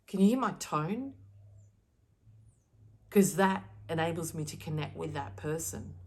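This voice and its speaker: A woman speaking directly to camera as a spiritual card reader, giving earnest, emphatic advice. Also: sits low.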